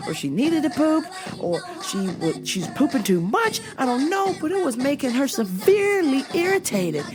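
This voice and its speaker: A woman host rants through work stories with blunt, profane punchlines. Her voice sits a bit high and swings widely in pitch. Faint music plays quietly under her. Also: very animated, normal speed. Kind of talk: comedic storytelling rant.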